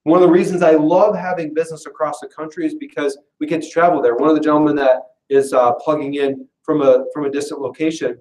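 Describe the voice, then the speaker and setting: A chatty man with a slightly raised voice delivers a joking sales pitch to a room full of people. He is heard from a distance through a room mic, so his voice carries a roomy echo. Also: steady tone, fast, few pauses, darkish tone. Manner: chatty and self-deprecating, with frequent laughs. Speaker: business presenter at an info session. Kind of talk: casual, joking sales pitch to a live audience. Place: meeting room with a live audience.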